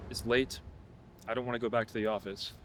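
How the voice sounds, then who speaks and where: A man's voice: medium pitch, fairly even intonation, a little fast, background noise, close to an everyday voice. An actor playing a polished, insistent young businessman who coaxes and pressures, in a fan film drama. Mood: coaxing. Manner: smooth, insistent, coaxing. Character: polished, pushy young businessman turning violent. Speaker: actor playing a smooth, menacing yuppie.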